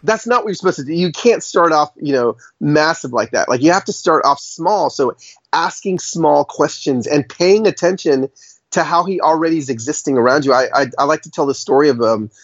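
A man with a fairly high voice speaks as a podcast guest, telling a story in a lively, energetic way. The sound is dry and close, with the dull edge of a slightly lo-fi recording. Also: a little fast, no echo. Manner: animated, lots of fillers and restarts. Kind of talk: animated storytelling in conversation.

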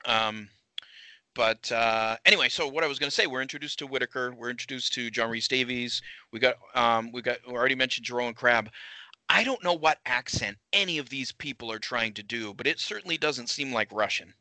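Guy with a super bright voice rambling about a movie, lots of restarts, dry mic. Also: mid-range voice, a little fast, dry recording, low-quality recording. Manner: rambling, many restarts, laughs often. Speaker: podcast co-host. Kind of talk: casual film discussion.

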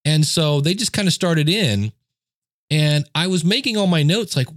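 A man's voice: a little high, animated, normal speed, no echo. A man hosting a podcast, giving casual how-to advice on audio gear in a chatty, self-deprecating way, talking close into a studio microphone at his desk. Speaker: podcast host. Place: home desk setup. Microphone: dynamic studio mic, close.

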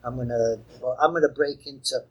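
Husky, enthusiastic male podcast host. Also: mid-range voice, a little fast, dull audio. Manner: enthusiastic, rambling, playful. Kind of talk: casual music podcast chat. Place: outdoors.

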